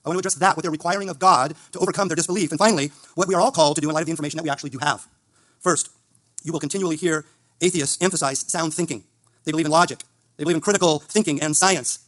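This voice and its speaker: A man giving a formal, gently ironic closing statement at a debate event. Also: fairly high pitch, steady tone, rapid-fire. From Italian heritage.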